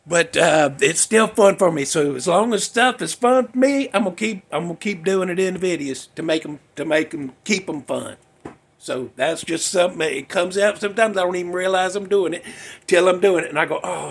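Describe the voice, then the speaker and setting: A man's voice: fairly high pitch, creaky, breathy edge. A man hosting a casual music talk show, rambling, mocking himself and losing his place. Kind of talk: casual chat.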